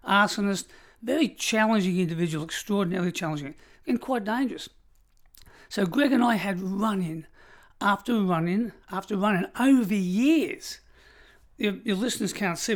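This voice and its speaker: A middle-aged Australian man, a former prison officer, telling stories in an interview in an emphatic, measured way. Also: high-pitched. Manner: emphatic, measured storytelling, colloquial. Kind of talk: storytelling interview.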